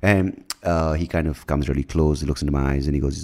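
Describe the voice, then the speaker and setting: A podcast host rambles through a relaxed solo monologue, poking fun at himself, cursing freely and stumbling over his phrasing. His voice is extremely low and warm, with a steady tone and a slightly quick pace.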